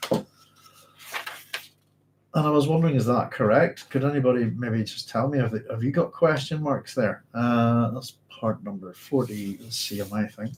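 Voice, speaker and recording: A man's voice: mid-range voice, a little hiss or hum. A man hosting a live-streamed book club, reading passages aloud, then musing informally and answering viewers' comments.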